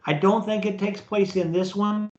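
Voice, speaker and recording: A man's voice: sits high, fairly even intonation, normal speed, darkish tone, a little hiss or hum. A man lecturing as a professor in a recorded online class, talking casually and checking in with "okay?" after nearly every point. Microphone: computer mic in a video meeting. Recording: roomy, dull lo-fi meeting recording.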